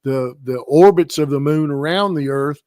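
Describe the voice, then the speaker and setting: A man's voice: a little high, moderate pace, darkish tone, no echo, clean studio sound. A man co-hosting a Bible study, talking enthusiastically and rambling with restarts. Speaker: co-host of a Bible study show.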